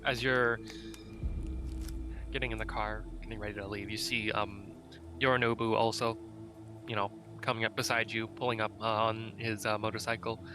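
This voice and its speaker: A man acting as game master, narrating a tabletop game in a relaxed, halting way. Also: lowish voice, music in the background.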